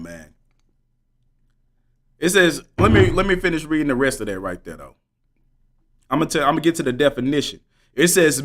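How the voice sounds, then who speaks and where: A man's voice: on the high side, a bit bright. A man livestreaming, talking fervently and preachily straight to his viewers in slangy speech that repeats points for emphasis. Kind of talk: live stream commentary.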